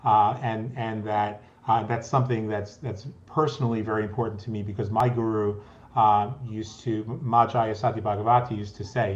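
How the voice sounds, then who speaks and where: A man with a lowish voice hosts a spiritual talk show, halting and hesitant and often restarting his sentences. The sound is dull and lo-fi. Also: flat delivery. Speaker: host. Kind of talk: interview talk.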